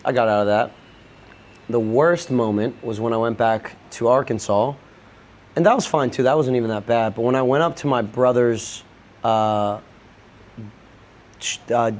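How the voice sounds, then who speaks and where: Young man telling a candid story. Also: medium pitch. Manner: open, rambling, peppered with swearing. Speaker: podcast guest.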